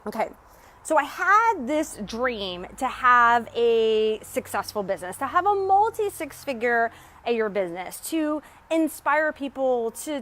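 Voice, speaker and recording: A woman's voice: on the high side, a bit bright. A woman business coach chatting on a live stream while walking home outdoors, upbeat and a little out of breath, often greeting her viewers. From Texas. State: slightly out of breath.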